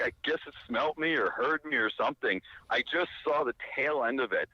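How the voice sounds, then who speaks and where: A man telling a long casual anecdote, animated and rambling, full of fillers and restarts. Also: mid-range voice, brisk, few pauses, no room sound, lo-fi sound. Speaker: storyteller.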